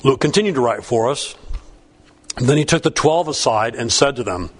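A man's voice: medium pitch, expressive, normal speed, breathy edge. Conversational, folksy male preacher. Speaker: pastor. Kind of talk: sermon with Bible reading.

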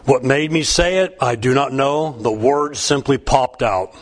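A man reading a humorous first-person story aloud, wry and even. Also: mid-range voice, unhurried, few pauses. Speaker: narrator.

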